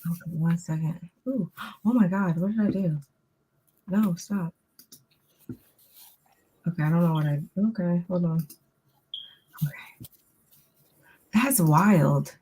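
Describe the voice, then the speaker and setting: A woman co-hosting a casual reality TV recap, relaxed and chatty. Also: fairly low pitch, slow pace, pauses often, slightly rough. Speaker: co-host.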